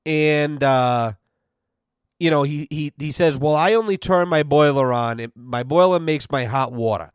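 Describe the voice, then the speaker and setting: A man with a fairly high, smooth and resonant voice tells a long, swear-filled story in casual podcast chat. He rambles with many fillers and acts out both sides of a conversation. The sound is dry and close, with no room echo. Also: a little slow. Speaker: podcast host.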